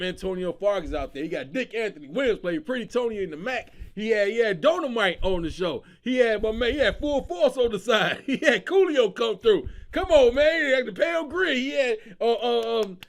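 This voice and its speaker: A man's voice: high-pitched, normal speed, hardly any pauses. A man hosting his own comedy show, talking casually and with lots of slang, often laughing as he riffs. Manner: animated, slangy, breaks into laughter. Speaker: comedian host.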